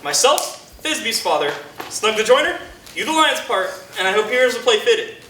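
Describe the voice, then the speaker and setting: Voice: mid-range voice, big pitch swings, moderate pace, bright, forceful tone. An actor playing a fussy, earnest play organizer. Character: fussy male carpenter directing an amateur play. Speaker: stage actor. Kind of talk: live college stage performance. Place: college theatre stage. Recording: roomy stage audio from far off with faint noise.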